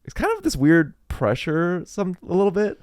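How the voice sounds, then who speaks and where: A man's voice: sits high, big pitch swings, moderate pace, a little mellow, dry recording, studio quality. A man from El Paso, Texas co-hosting a podcast in loose, joking casual chat, laughing often. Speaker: podcast co-host.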